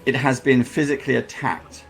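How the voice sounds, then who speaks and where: A man running a tabletop game as dungeon master, describing scenes slowly and adding sound effects. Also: medium pitch, level tone, vocal fry, soft background music.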